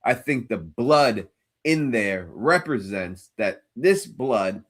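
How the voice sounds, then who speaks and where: A man's voice: medium pitch, animated, slow pace. A man in a casual recap chat, earnestly spinning theories and repeating words as he thinks.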